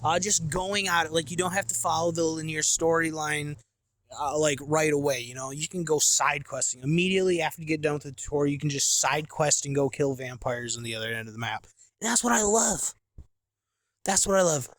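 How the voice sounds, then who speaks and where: A man in his late twenties chats loosely about games, piling up fillers and slang in a fairly high voice. He talks from a camping chair outdoors. The sound is close and dry. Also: brisk, fairly bright tone, no room sound. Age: late 20s. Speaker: gaming podcast host. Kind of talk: casual rambling monologue.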